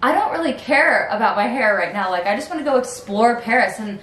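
A woman's voice: fairly high pitch, animated, a little fast, fairly bright tone, echoey room, rough recording. A young woman in her twenties, a vlogger telling a story in a chatty way, full of "like" and acted-out quotes. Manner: chatty, lots of "like", acts out quoted lines. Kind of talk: casual storytelling.

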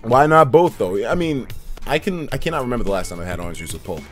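A male streamer talks to his chat in a loose, foul-mouthed way, his pitch leaping up and down as he gets worked up. Faint game music plays underneath his voice. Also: fast. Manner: profane, animated, laughs often, talks straight to chat. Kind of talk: casual livestream chat reacting to chat and a game.

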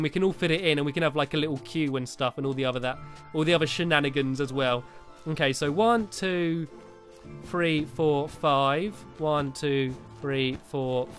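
Brief: man, light high voice, casual game commentary, faint music underneath, talkative and giggly. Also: fairly bright tone. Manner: chatty, giggly, chivvies his in-game helpers. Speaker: Minecraft video host.

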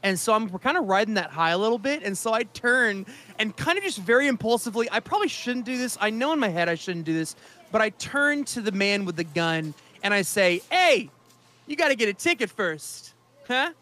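A man's voice: high-pitched, animated, brisk, pushed and bright. A man playing in an improvised tabletop game, rambling comically through his character's actions. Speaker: guest player. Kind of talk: improvised tabletop role-play.

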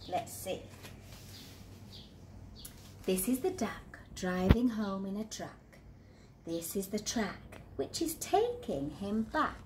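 A woman's voice: medium pitch, background noise. A woman reading a picture book aloud to children in a sing-song storyteller manner, asking them questions along the way. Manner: animated, sing-song, talks to kids.

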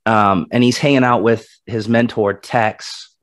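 A man co-hosting a casual movie review podcast, retelling scenes in an animated, rambling way with frequent restarts. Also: fairly low pitch, unhurried. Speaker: podcast co-host.

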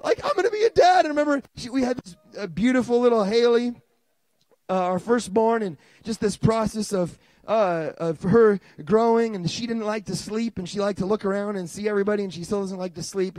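A man in his thirties preaching a sermon as pastor, telling stories with lively restarts and bursts of excitement. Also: sits high, normal speed, no echo. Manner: animated storytelling with many restarts.

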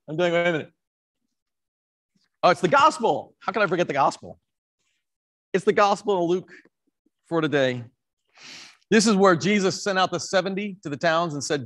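A man preaching a conversational sermon as a parish priest, animated, often correcting himself and talking to the congregation directly. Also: high voice, moderate pace, long pauses. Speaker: priest and rector. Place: church.

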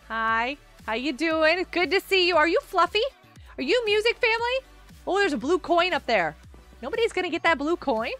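Bright, excitable streamer woman. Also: very high voice. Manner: excitable, gasping and exclaiming, talking to chat. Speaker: gaming streamer. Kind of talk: live gameplay commentary chatting with viewers.

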